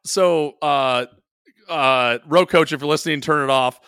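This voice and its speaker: A man with a slightly high voice rambles through a funny story for a chat podcast, often stumbling and restarting. The sound is very dry and close, with no room around it. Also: unhurried, fairly bright tone, clear, resonant tone, no echo. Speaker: podcast co-host. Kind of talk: casual chat.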